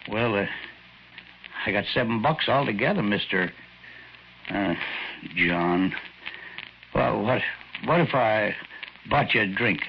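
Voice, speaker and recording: A man's voice: lowish voice, animated, takes it slowly, creaky, long pauses, exaggerated voice. A man playing a timid, humble little old man who stammers and apologizes, in 1940s radio acting style. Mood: grateful. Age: older. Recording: muffled old radio recording, faint hiss.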